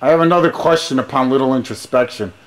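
A man's voice: medium pitch, fast talker. A man on a rambling phone call, talking in a pushy, grandiose, sing-song patter full of rhymes and sermon-like lines. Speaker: caller.

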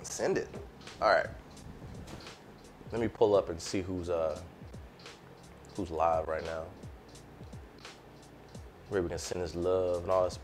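Casual male cooking streamer, low-ish voice, slangy and easygoing, faint music underneath. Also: fairly even intonation, slow pace, long pauses. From United States. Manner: laid-back, slangy, talks to chat. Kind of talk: casual live-stream chat.

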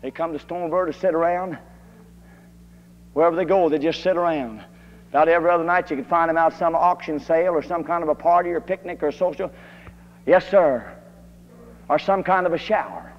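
Fiery preacher guy, kinda high voice, old dull tape, long echo in a hall. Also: brisk, pauses often. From Kentucky. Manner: fiery, rising to shouted emphasis. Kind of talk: old-time holiness sermon.

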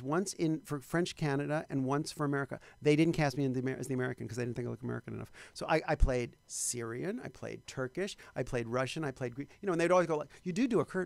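A man's voice: a little high, gravelly, no room sound. A man from New York, a guest actor animatedly telling show business stories and acting out other voices. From New York, Long Island. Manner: animated storyteller who acts out voices. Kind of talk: casual chat.

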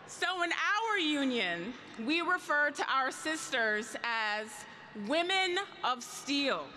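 A woman's voice: high voice, sharp tone, in a large hall, slight background noise. A middle-aged woman and union leader giving a rousing convention speech, drawing the crowd in with call-and-response questions. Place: large convention hall.

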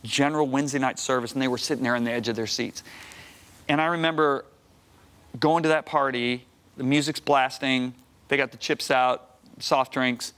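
On a television studio set, a guest preacher in his sixties tells a story emphatically in animated talk-show fashion, building to high, excited outbursts. He keeps a moderate pace and a clean tone.

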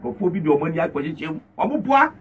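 Animated high-voiced man. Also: fast talker, husky, recorded from a distance, lo-fi sound.

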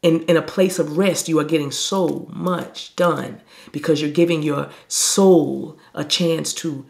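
Gravelly-voiced woman leading a slow meditation. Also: low voice, fairly even intonation. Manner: slow, soothing, drawn-out phrasing. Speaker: spiritual reader. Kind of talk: spiritual talk and guided meditation.

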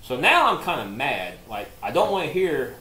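A podcast co-host tells a long, crude story, rambling and packing it with profanity and "like." His medium-pitched voice is sing-song and sharp at a moderate pace, recorded in an echoey room with faint noise.

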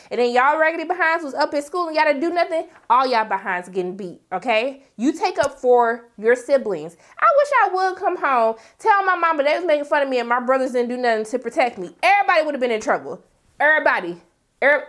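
A woman recapping a TV episode in a casual vlog, telling it with sassy, dramatic reactions. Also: high-pitched. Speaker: TV recap vlogger.

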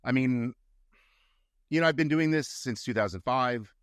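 A man's voice: medium pitch, moderate pace, no room sound, studio quality. A middle-aged male actor, a guest, telling stories in a casual interview and acting out the quotes. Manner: animated storyteller, acts out quotes.

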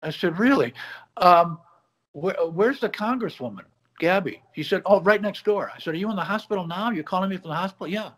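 A man's voice: sits high, fairly quick. A man guest on a video call from his home office, telling a story and acting out the quoted dialogue in it. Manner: animated, acts out quoted dialogue. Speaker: guest, bar magician. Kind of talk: conversational storytelling.

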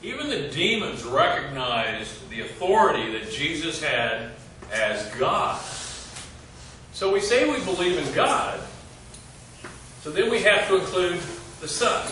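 A man teaching a group Bible study in a church meeting room, halting with many fillers and quizzing his listeners. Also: on the high side, sing-song, sharp tone, recorded from a distance. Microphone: distant room mic. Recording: echoey room recorded from afar, noisy.

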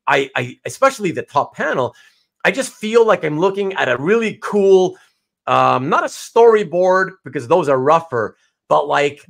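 Relaxed male host walking a guest through a collection over a call. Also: a little high, gravelly. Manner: relaxed, laughs easily, explains patiently. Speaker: show host. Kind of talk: casual chat about comic art.

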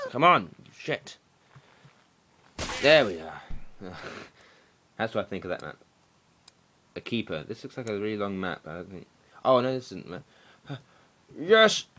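A young man doing let's play commentary, excitable and swearing, shouting at the game. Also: lowish voice, a little hiss or hum. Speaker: gaming commentator.

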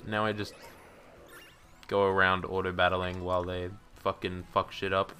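A man streaming a game, talking casually to himself and viewers, swearing freely, laughing often and bursting into loud outrage. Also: deep voice, little pitch movement, normal speed, smooth, soft background music. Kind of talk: casual gameplay commentary.

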